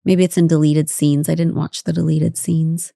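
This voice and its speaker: A woman's voice: deep voice, flat delivery, normal speed, creaky, warm tone, no echo, clean studio sound. A middle-aged woman co-hosting a podcast, talking frankly, mocking herself and swearing casually. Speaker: podcast co-host. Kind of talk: casual chat.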